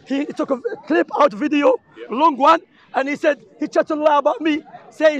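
Outdoors in a public park, a man with Arabic-accented English preaches to a crowd in a heated street debate, impassioned and insistent, repeating his points. His voice is very high-pitched and a bit bright, at a moderate pace.

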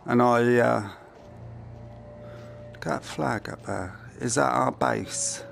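A man's voice: medium pitch, fairly even intonation, slow, vocal fry, soft background music. A man thinking aloud to himself as he plays through a video game, giving let's-play commentary into a headset mic. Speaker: gamer.

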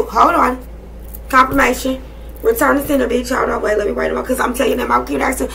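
A woman in her thirties talks her viewers through a casual tarot reading. Her voice is strongly gravelly and bright, set a little high. She speaks bluntly and sassily, with constant profanity. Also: fairly quick. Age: 30s. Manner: blunt, profane, sassy and emphatic. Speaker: tarot and energy reader.

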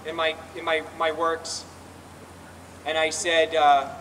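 Speaking at a recovery rally in a public square, a man delivers a personal testimony in a high, bright, forceful voice, slow and with little pitch movement. He's earnest and confessional, restarting often and circling back over his words. Heard from a distance over faint outdoor ambience, the recording carries a little hiss or hum.

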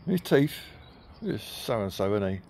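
A man's voice: lowish voice, very animated, takes it slowly, darkish tone, a little hiss or hum. A man filming his dogs in a garden, teasing and cheering them on with a chatty, laughing manner. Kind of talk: casual talk to pets while filming. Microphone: handheld camera.

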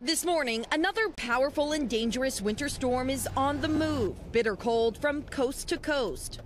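A woman voicing a news package in a measured, emphatic way, her voice a little high. A faint background hum sits under her narration. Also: lively intonation. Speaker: news correspondent.

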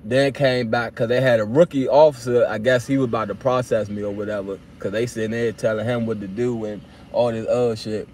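A young man casually telling a story straight to his viewers, animated and full of slang, acting out his own replies as he goes. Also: medium pitch, a little fast, few pauses, slight background noise. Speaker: vlogger telling a personal story.

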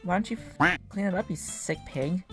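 A fairly low-voiced woman gives chatty, excitable game commentary, teasing and cheering the characters on. Faint game music plays underneath. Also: moderate pace, husky. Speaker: gaming channel host.

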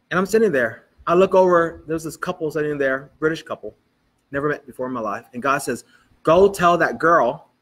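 A man delivers a sermon in a church. He tells lively stories and quotes people in dialogue, with a voice sitting a little higher than most men's. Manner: animated storytelling, quoting people in dialogue. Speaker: pastor.

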